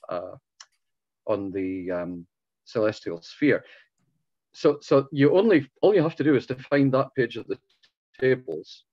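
Hoarse man, halting explanation. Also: medium pitch, darkish tone, no room sound, muffled recording. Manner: halting, patient explaining with many restarts. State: hoarse, voice going. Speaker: club speaker. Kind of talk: informal talk answering questions.

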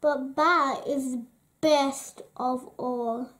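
A bossy, spoiled little robber girl, voiced by a woman reading aloud in a storybook. Her voice sits high and shrill and comes out loud and demanding. She sounds like a child who always gets her own way. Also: fairly even intonation, drawn-out words, exaggerated voice. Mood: boastful.

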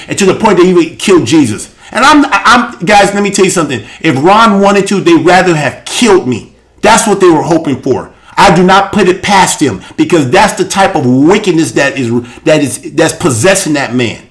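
A high-pitched man preaching on a live show, his voice leaping up and down in wide swings. He reads scripture and comments with fervent intensity, often rising to a shout. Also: lively intonation, moderate pace. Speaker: host and preacher. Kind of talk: impassioned live-show preaching and Bible reading.

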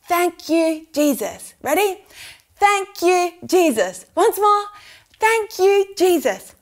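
An Australian woman leading a lively preschool church lesson, asking the children questions and drawing out her words. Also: sits high. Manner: animated, exaggerated, asking kids questions.

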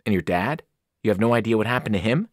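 A man's voice: on the low side, animated, fast, dry recording. Man doing a dry sarcastic teen boy, pretty plain voice, no room sound. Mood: wry. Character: wry teenage boy hero.

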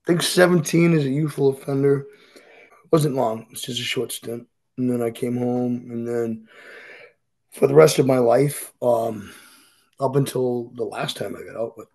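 A middle-aged man tells his story bluntly, swearing freely. His voice is gravelly, with a husky rasp. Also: mid-range voice, mellow, low-quality recording. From Boston. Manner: blunt and heavily profane. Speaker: podcast guest. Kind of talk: candid storytelling interview.

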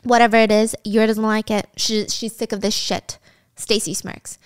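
A woman's voice: mid-range voice, little pitch movement, normal speed, smooth. A woman casually recapping a drama story, chatty and sarcastic, with swearing and laughing asides.

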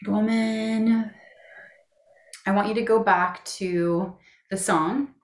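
A woman coaching a guided tapping session in a calm, steady voice of middling pitch. She feeds short affirmations for her client to repeat. The sound is roomy and echoey. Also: slow. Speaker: EFT practitioner.

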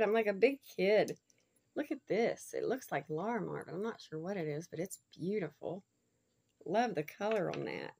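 A woman talks casually to her viewers while unboxing gifts. She gushes with delight and laughs often, and sometimes sinks into soft, hushed murmurs. Her pitch sits in an ordinary middle range. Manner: gushing, effusive, laughs often, drops to soft murmurs over stones. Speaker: vlogger showing a gift package.

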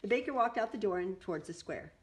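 A woman reading a children's picture book aloud, animated and adding chatty asides. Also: medium pitch, fast talker.

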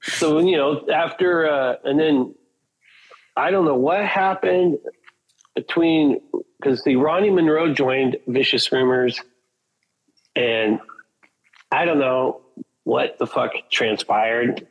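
A metal singer from Portland, Oregon, appears as a guest in a casual chat, telling rambling, profane anecdotes and acting out what other people said. His medium-pitched voice is slow with frequent pauses, and the recording is muffled.

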